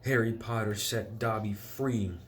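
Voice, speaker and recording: A man voicing an earnest, excitable little male house-elf while reading a storybook aloud. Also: measured pace, slight background noise. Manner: shrill, fierce pleading.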